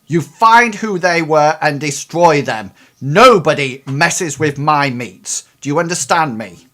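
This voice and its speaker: A man's voice: mid-range voice, slow pace, lightly acted. A man voicing an irate male troll boss who barks clipped, vengeful orders. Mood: angry commanding. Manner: shouting orders, clipped and forceful.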